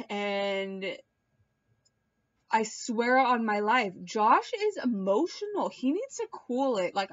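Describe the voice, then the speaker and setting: A young woman with a fairly high voice rattles through reality-show gossip, animated and loose, dropping swear words and breaking into squeaky impressions. She is pregnant and a bit queasy. The sound is dry and a little dull, as if recorded at home. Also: no echo. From Puerto Rican and Cuban heritage. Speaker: vlogger recapping a reality show. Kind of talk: casual gossip recap. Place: hot room at home.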